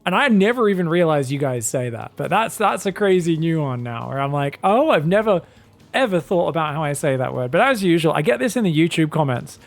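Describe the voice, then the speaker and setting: A man's voice: fairly high pitch, lively intonation, fairly quick, gravelly, hardly any pauses. A man with a British accent casting a competitive video game, chatty and prone to rambling tangents. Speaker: esports caster. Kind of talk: casual game commentary.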